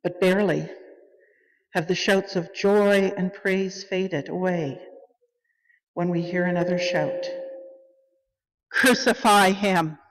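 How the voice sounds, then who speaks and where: A woman leading a church worship service, reading liturgy in a measured, solemn way. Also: fairly low pitch, fairly even intonation. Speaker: worship leader. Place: church sanctuary. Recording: long reverb of a church hall.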